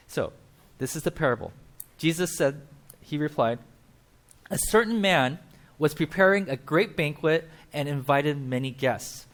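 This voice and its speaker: A man's voice: a little high, expressive, moderate pace. A man preaching a casual, conversational sermon at a church, explaining with asides and acting out quotes. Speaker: pastor.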